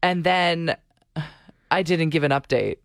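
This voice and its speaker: A woman's voice: low-pitched, takes it slowly, dry recording, studio quality. A woman co-hosting a casual radio show, upbeat and playfully teasing. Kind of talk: casual morning radio banter.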